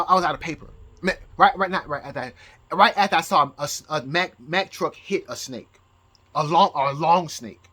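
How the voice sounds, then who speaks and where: Rambling man with a bright voice. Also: fairly high pitch. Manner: rambling, many restarts and repeated words. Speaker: vlogger. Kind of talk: rambling casual monologue. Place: at home. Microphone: camera mic, showing objects.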